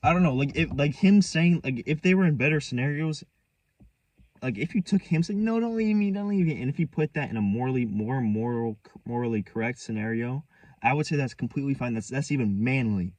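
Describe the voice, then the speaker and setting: A man's voice: mid-range voice, brisk, darkish tone, no echo, distant mic. A young man rambling through a story from his own life, restarting and repeating himself, set back from the mic. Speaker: vlogger. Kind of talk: casual storytelling.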